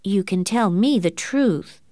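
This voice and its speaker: A woman reading the part of a meddling, excitable middle-aged aunt, insistent and fussy. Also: slow, no echo, clean studio sound. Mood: coaxing. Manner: insistent and fussy, rising shrill when upset. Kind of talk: audiobook character reading.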